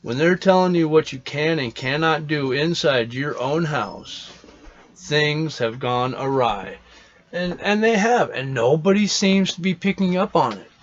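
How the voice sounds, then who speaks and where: A man speaks in a fairly high voice, rambling and opinionated, swearing freely as he talks. His sentences trail off and restart, like a loose unscripted monologue. The recording sounds dull and lo-fi. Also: expressive, a little slow. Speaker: podcast host.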